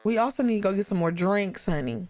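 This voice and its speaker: A woman giving lively, chatty commentary on a life-sim game, talking to her viewers. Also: medium pitch, fast, soft background music. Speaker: gaming YouTuber. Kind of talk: casual gameplay commentary.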